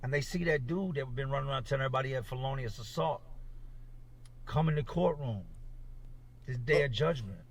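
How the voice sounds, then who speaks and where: Gravelly man telling a story from a distance. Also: medium pitch, brisk, long pauses. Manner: rambling, animated retelling. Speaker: former inmate telling a jail story. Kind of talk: casual storytelling.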